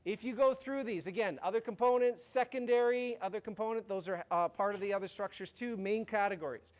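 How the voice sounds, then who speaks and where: Male university chemistry lecturer, high-pitched, casual and jokey with students. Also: a little fast. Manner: informal, joking, frequent restarts and "right?". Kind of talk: classroom lecture. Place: lecture hall.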